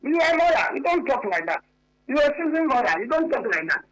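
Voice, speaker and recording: A man's voice: extremely high pitch, big pitch swings, quick pace, fairly bright tone, poor audio. A man, a political commentator on a radio talk show, hammering his points home and repeating them insistently.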